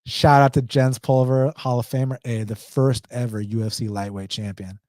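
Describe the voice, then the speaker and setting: Man, Atlanta accent, live stream host, blunt and slangy, mellow tone. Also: mid-range voice, little pitch movement, moderate pace, no echo, clean studio sound.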